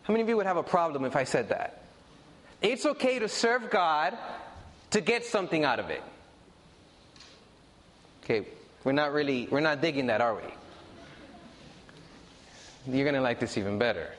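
A man's voice: mid-range voice, animated, fairly quick, pauses often, big-room sound. A man preaching a sermon in a conversational way, repeating and stressing his points to the congregation.

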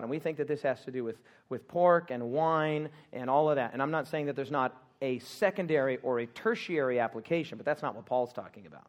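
A man preaching a sermon in a church, animated and humorous, calling out questions for the congregation to answer. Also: medium pitch, fairly quick, few pauses. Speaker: pastor.

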